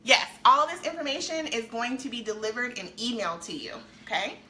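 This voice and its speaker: A woman's voice: on the high side, brisk, sharp tone, slight background noise. A middle-aged woman chatting to viewers on a live stream from her home, a weight-loss coach in an upbeat, talkative manner.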